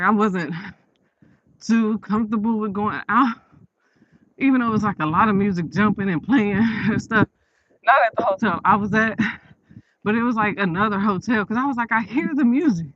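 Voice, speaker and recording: A woman talks casually into her phone while walking outside late at night, her speech loose, rambling and often broken by laughter. The audio is dull and lo-fi, with the softened, muffled top end of a phone recording. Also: medium pitch, no room sound. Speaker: vlogger. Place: outdoors on a late-night walk.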